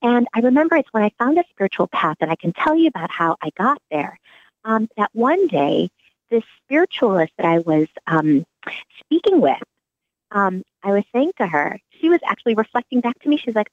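A woman's voice: medium pitch, fairly quick, no room sound. A middle-aged woman, a psychiatrist and author, giving earnest, reflective interview answers. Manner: earnest, animated, acts out remembered dialogue. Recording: dry, phone-like narrow sound.

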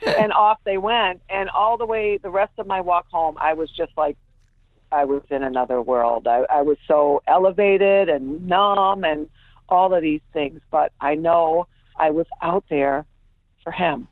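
A woman's voice: low-pitched, unhurried, no room sound. A woman guest telling an emotional personal story, acting out what people said, heard over a phone line. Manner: animated, acts out quoted voices.

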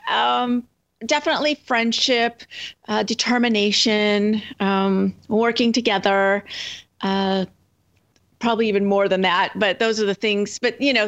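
A woman's voice: mid-range voice, fairly bright tone. A woman guest, a children's book author, chatting in an upbeat, rambling way in an interview. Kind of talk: casual interview chat. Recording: dull lo-fi remote line.

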